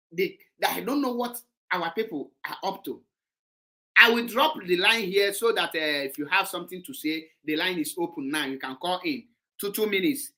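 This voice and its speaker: An impassioned Nigerian man with an Igbo accent runs a heated call-in show and switches between English and Igbo as he speaks. His voice is bright and forceful. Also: high voice.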